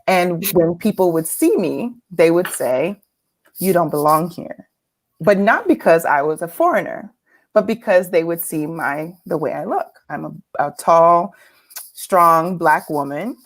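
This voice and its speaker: An earnest woman with a slightly low voice, speaking as a guest about her own experiences. She talks in a reflective, thoughtful way, now and then breaking into laughter. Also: lively intonation, measured pace. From California, United States. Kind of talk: personal storytelling talk.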